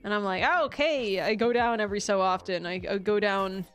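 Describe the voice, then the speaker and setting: A woman's voice: medium pitch, fairly even intonation, brisk, clean tone, soft background music. A woman streaming casual chat, rambling with frequent restarts, swearing casually and laughing often.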